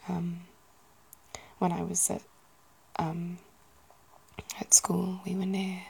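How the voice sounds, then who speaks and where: A woman musing softly in a whispered ASMR chat, gently poking fun at herself. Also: lowish voice, monotone, slow, creaky, slightly rough, poor audio. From United Kingdom. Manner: soft, self-deprecating, musing aloud. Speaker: ASMR video host.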